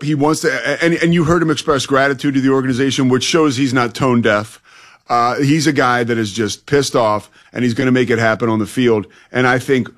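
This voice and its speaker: A man co-hosting a sports talk radio show, giving firm, emphatic opinions into a studio mic. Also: medium pitch.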